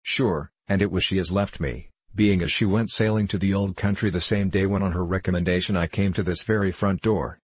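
Male reader voicing a nervous, chatty Irish cook woman in a storybook; deep, husky, dry. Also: fairly even intonation, fairly quick, few pauses, dry recording. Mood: flustered. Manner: rambling, pleading, emotional.

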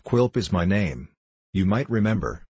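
A man reading an audiobook, voicing a sour, cruel male dwarf who talks in a dry, sneering, deliberate way. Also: low voice, sing-song, a little mellow, slightly rough, dry recording, full character voice.

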